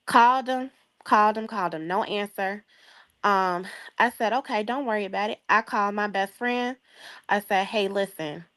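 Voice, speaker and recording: A young woman from the Chicago area tells a story as a guest in a relaxed chat. She moves through it with energy, acting out what each person said and laughing along the way. Her voice sits at an average pitch for a woman. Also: normal speed. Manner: lively, acts out quoted voices, laughs often. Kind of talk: animated storytelling in a casual chat.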